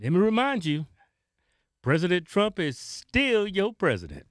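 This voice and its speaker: A middle-aged man co-hosting a casual political commentary show, talking in an excitable, animated way. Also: high voice, unhurried, dry recording, studio quality. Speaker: co-host.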